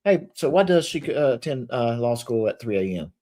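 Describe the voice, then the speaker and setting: Lively joking male stream host. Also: mid-range voice, normal speed. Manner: animated, jokey, many fillers and restarts. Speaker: livestream host. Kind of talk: casual chat.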